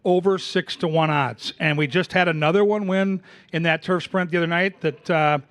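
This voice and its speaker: A man giving relaxed, knowing handicapping tips on a racetrack show. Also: a little high, normal speed, no echo. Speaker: horse racing handicapper. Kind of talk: casual analysis chat.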